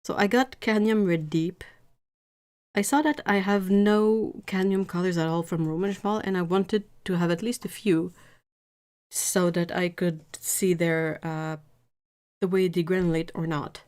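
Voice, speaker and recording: A woman's voice: lowish voice, fairly even intonation, unhurried, darkish tone, smooth. A woman chatting casually on a live stream from her home painting desk, rambling with frequent restarts. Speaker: art streamer.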